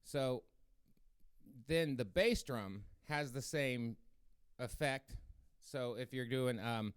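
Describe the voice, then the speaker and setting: A man's voice: medium pitch, slow, clean tone, no room sound, studio quality. A man casually rambling to viewers as he hosts his own drum practice stream, with many fillers and restarts. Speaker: drummer hosting a practice stream.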